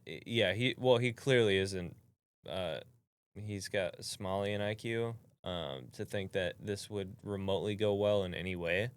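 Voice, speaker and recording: Low, smooth-voiced casual male podcast host. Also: measured pace. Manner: laid-back, laughs often, wraps up the show. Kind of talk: casual chat.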